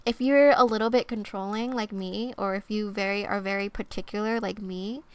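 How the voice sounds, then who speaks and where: A young woman streamer giving oracle card readings in soft-spoken ASMR chat, casual and rambling with lots of fillers and playful asides. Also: mid-range voice, fairly even intonation, normal speed, smooth, dry recording. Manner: playful, silly wordplay.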